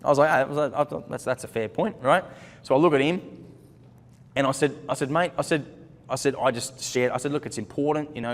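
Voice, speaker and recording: A man with a mid-range voice gives earnest, faith-based relationship advice in a conversational, story-driven way. He often repeats words as he searches for the next thought. His voice carries a long reverb, as if recorded in a large hall. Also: medium pitch. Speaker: Christian ministry speaker.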